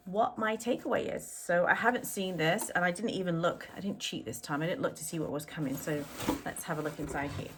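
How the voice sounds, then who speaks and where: Middle-aged lady with a deep-ish voice chatting thru a clothes unboxing, lots of ums, bit of faint noise. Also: fairly bright tone. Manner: chatty and rambling, with frequent "um"s. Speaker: fashion vlogger. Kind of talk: casual unboxing chat to camera.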